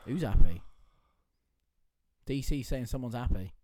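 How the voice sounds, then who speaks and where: A man's voice: mid-range voice, animated, unhurried, warm tone. A man with a rural British accent co-hosting a podcast, swearing freely and acting mock-offended in banter. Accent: British country. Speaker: podcast co-host. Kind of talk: casual banter while watching a fight.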